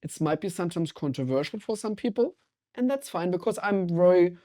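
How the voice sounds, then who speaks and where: Mellow-voiced energetic German-accented man. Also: high voice, brisk. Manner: energetic, intense, emphatic. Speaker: guest, water sommelier. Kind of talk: podcast interview conversation.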